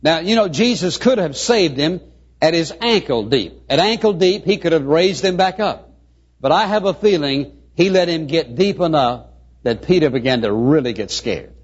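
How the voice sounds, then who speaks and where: A male pastor preaching a sermon with earnest, drawn-out emphasis on key words, on a muffled lo-fi recording. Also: a little high, expressive, husky.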